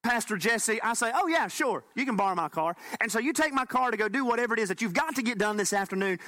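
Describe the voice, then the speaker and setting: A man pastor preaching a sermon, animated and folksy with bits of humor. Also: high-pitched, fast talker.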